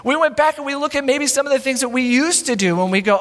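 High-voiced pastor in an echoing church. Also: male voice, expressive, fast, a bit bright. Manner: conversational, wry, emphatic rhetorical questions. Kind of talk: sermon. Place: church sanctuary.

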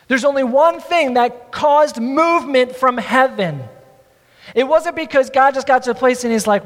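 A pastor with a very high-pitched, animated voice preaches at a measured pace, reading scripture aloud. He calls on the congregation to repeat his words, and a long hall reverb trails his speech.

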